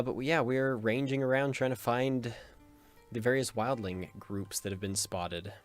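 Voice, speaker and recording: A man chats through a game playthrough in a lowish voice, joking as he goes. He rambles and often breaks off mid-sentence with a chuckle. Faint game music plays behind him. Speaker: gaming video host. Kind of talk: casual let's play commentary.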